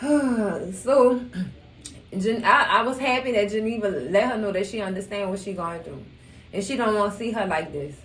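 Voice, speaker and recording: This casual TV recap chat comes from a young woman who hosts a recap channel, laughing often and performing quotes from the show. Her mid-range voice is a bit bright at a moderate pace, recorded from a distance in an echoey room.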